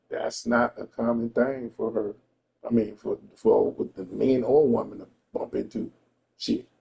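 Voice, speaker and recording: Gravelly, dark-voiced man ranting. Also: mid-range voice. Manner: profane, emphatic, repeats himself. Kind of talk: casual storytelling rant.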